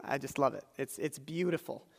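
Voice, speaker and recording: A man's voice: mid-range voice, fairly quick, gravelly, darkish tone. A man preaching a sermon as the pastor of a church, retelling a scripture story in a conversational way with asides to the congregation. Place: church hall. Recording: large hall with long reverb.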